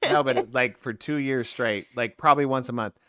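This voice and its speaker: A man co-hosting a podcast, talking in an animated, playful, joking way. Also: mid-range voice, normal speed, clear, resonant tone, dry recording, studio quality. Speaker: podcast co-host. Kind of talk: casual joking chat.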